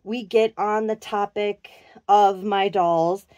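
Slow and steady, this woman's mid-range voice has a darkish tone, recorded dry. An adult from Minnesota who works in a clinic, she vlogs about her doll collection, showing off clothes in a casual chat and cooing over all the small touches.

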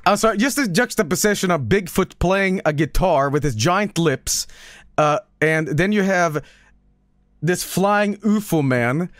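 Giggly high-voiced man streaming a game. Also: no room sound, clean studio sound. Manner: laughs often, exclaims at the game. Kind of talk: casual gameplay commentary. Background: game music.

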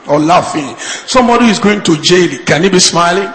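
A male pastor preaching a fervent sermon, moving from shouted appeals to low, pleading lines. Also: expressive, fairly quick, hardly any pauses, reverberant, big-room sound, low-quality recording.

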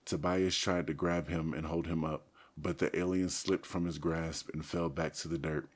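A man narrating a first-person story for an audiobook, steady and even. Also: a bass voice, moderate pace.

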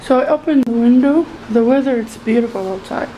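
A young woman talks to her viewers in a relaxed home vlog, stumbling through fillers and restarts. Her voice sits fairly high. The home recording carries a clear layer of background noise. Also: brisk, rough recording. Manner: hesitant, many fillers and restarts. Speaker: vlogger. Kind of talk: casual vlog chat. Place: home bedroom with window open.

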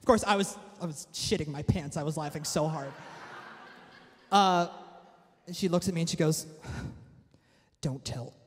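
A young man singing a comic ballad and telling funny stories between verses, in an animated, self-mocking way. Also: a little high, normal speed, pauses often, a little hiss or hum. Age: young adult. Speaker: singer-songwriter. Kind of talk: sung ballad with spoken comic anecdotes. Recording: long hall reverb with live music.

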